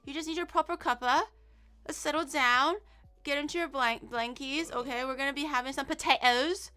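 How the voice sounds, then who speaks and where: A woman's voice: high-pitched, a little fast, bright, forceful tone. A woman streamer putting on an exaggerated mock British accent as a cheeky slang-slinging figure, with clipped, punchy phrases. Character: cheeky put-on Cockney-style Brit, woman. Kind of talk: playful accent impression on a live stream.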